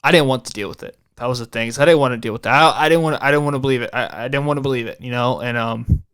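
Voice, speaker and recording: A young man on a podcast, telling a personal story with a smooth, resonant voice at an ordinary pitch. He stops and restarts his phrases and repeats himself, and he swears casually between thoughts. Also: very fast, fairly bright tone. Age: young adult. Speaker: podcast host.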